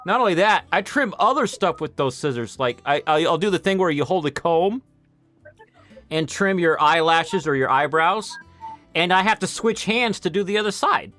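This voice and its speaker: A man in his late thirties chats casually over a game stream, his voice sitting slightly high. He drifts from topic to topic and hands out practical tips in a loose, rambling way. Soft game music plays faintly underneath. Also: expressive, normal speed. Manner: rambling, gives practical advice with a laugh. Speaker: gameplay streamer. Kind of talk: casual chat over gameplay.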